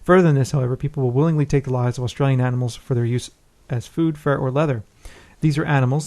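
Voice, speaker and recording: Fast-talking male podcast host. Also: medium pitch, creaky, mellow. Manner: quick, informal, reads listener emails. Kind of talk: casual podcast chat.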